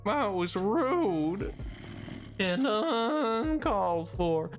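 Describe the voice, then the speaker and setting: A woman's voice: medium pitch, big pitch swings, soft background music. A woman putting on the voice of a sad, broke male cowboy, drawling and mournful, close to the mic. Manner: slow, drawn-out, mournful talk. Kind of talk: live-stream character voice. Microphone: closer to the mic than usual.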